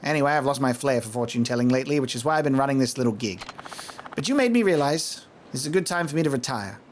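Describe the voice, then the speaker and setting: A man's voice: mid-range voice, expressive, fast, a little hiss or hum, natural voice. A man voicing a brash, scheming older woman fortune teller from a video game, reading her lines in a haughty, smug tone. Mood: gloating.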